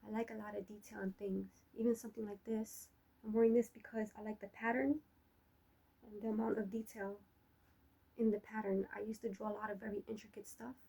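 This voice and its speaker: A woman's voice: mid-range voice, little pitch movement, fairly quick, creaky, warm tone, husky, low-quality recording. A young adult woman rambling through a personal vlog monologue, swearing freely and laughing often as she talks. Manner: profane, laughing, trash-talking. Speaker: vlogger.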